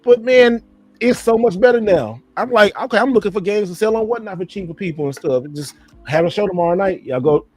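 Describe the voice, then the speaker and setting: A man's voice: high-pitched, a little fast, no room sound. A man in casual live-stream chat, talking loosely to viewers as y'all and cussing freely. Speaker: podcast host.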